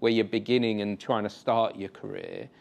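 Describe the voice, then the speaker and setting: A man hosting an interview, speaking in a reflective, agreeing way and often answering with soft murmurs. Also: lowish voice, steady tone, moderate pace, vocal fry. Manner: reflective, agreeing, gentle backchannel. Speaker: host. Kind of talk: interview conversation. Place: theatre.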